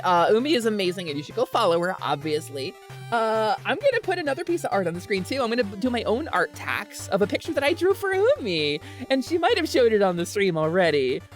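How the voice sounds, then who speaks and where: Playful giggly woman streaming a game. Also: a little high. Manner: playful, giggly, goofy bits in character. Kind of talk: casual chat while gaming.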